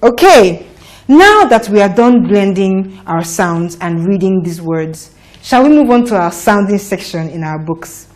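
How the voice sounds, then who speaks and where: Slow, patient woman teaching phonics. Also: mid-range voice, expressive, darkish tone. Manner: patient and encouraging, drawing out sounds. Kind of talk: slow, clear classroom teaching to children.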